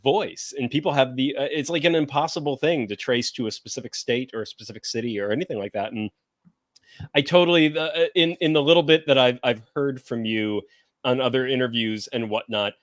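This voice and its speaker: A man's voice: mid-range voice, brisk, no echo, clean studio sound. A man hosting a casual podcast chat, talking in a rambling way and searching for words with many fillers. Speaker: podcast host pairing wines.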